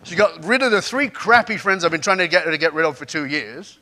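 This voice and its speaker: A man acting out an indignant, exasperated father in a raised, higher voice while telling a story on stage. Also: fast talker. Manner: loud, indignant. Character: exasperated father, middle-aged man, angry.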